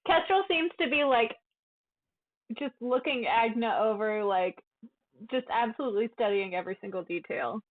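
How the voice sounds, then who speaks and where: A woman's voice: fairly high pitch, moderate pace. A woman playing a tabletop game who describes her character's actions in an easygoing, chatty way, over a tinny call line. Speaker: player. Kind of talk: casual tabletop game narration. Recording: tinny phone-like call audio.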